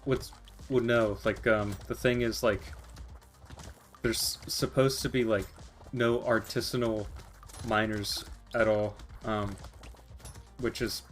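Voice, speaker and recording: A man's voice: lowish voice, steady tone, takes it slowly, long pauses, soft background music. A teenage boy playing a game with a friend, chatting casually with lots of hesitations and teasing. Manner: hesitant, filler-heavy, teasing. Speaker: co-player. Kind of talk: casual chat while gaming.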